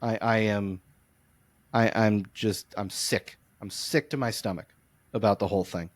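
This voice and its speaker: A man co-hosting a podcast, telling long, animated, rambling stories in casual sports chat. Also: fairly low pitch, unhurried. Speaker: podcast co-host. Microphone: close podcast mic.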